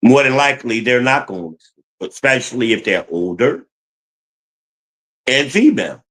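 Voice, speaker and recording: A man's voice: mid-range voice, sing-song, normal speed, a bit bright, rough recording. A man giving blunt, profane relationship advice in a heated livestream rant, talking to his chat.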